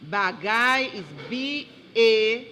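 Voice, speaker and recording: A man working as a spelling bee pronouncer, reading each word in a measured, formal way and repeating it clearly. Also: very high-pitched, sharp tone, slight background noise. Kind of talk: reading out words for a spelling contest. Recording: reverberant hall with faint murmur.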